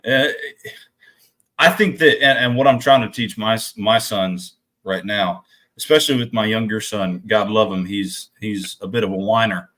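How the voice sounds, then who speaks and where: A man's voice: fairly low pitch, moderate pace, bright, forceful tone. A man co-hosting a podcast in casual talk, frank and blunt, with some swearing and frequent restarts. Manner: frequent restarts and repeated words. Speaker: podcast co-host.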